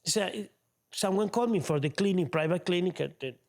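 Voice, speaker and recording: A man's voice: high-pitched, a little fast. A man from Argentina with an Argentine Spanish accent, a tenor telling stories as the guest of an interview in non-native English, animatedly acting out other people's speech. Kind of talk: casual interview storytelling.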